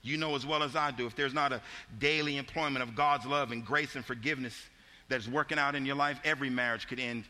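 A man's voice: medium pitch, steady tone, fast talker, bright, forceful tone, in a large hall. A man preaching a sermon, telling a folksy story with frequent restarts and repeated words.

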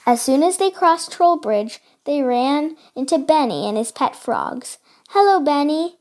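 Slow, high-voiced woman reading a storybook. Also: lively intonation. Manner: careful reading with small slips. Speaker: storybook reader. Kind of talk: children's storybook read-aloud.

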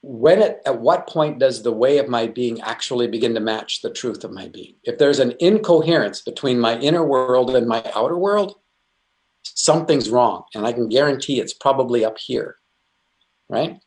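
A man's voice: medium pitch, lively intonation, normal speed, a little mellow. A middle-aged man teaching about faith in an earnest, conversational way, full of restarts and asides. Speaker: Christian speaker.

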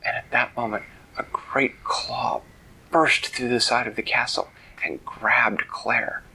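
Male storyteller for a children's show, gentle telling, bright husky tone. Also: medium pitch, steady tone, slow, low-quality recording. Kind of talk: bedtime story narration.

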